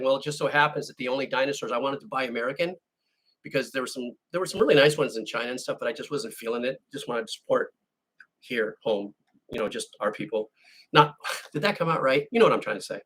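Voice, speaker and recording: Bright-voiced man, rambling chat. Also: medium pitch, fast talker, breathy edge. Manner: rambling storyteller who restarts and corrects himself. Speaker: music channel host. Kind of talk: casual chat answering viewer questions.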